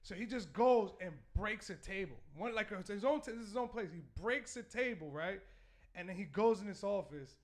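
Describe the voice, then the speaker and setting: A man, a stand-up comedian, telling stories in a casual, animated podcast chat. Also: sits high, a little fast. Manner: animated, laughing storyteller. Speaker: comedian guest.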